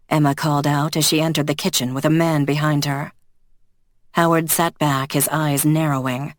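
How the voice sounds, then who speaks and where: Measured audiobook narrator, dry close sound. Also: mid-range voice, little pitch movement, no echo.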